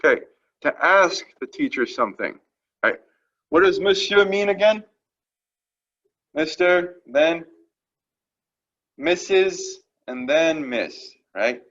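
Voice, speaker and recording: A man's voice: on the high side, animated, takes it slowly, long pauses, a bit bright, lo-fi sound. A man teaching French vocabulary to a class, explaining each phrase patiently and checking in after each one. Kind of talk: classroom lesson.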